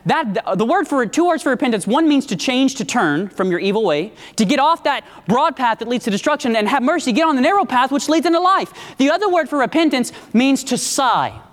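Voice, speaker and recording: A man's voice: very high-pitched, animated, a little fast, few pauses. A man preaching a sermon with emphatic call-and-response, his pace shifting often. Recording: long echo of a large hall.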